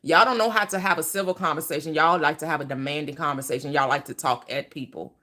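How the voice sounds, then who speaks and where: A woman's voice: low-pitched, quick pace, bright, forceful tone. A woman hosting a casual live stream, blunt and laughing as she talks back to her chat.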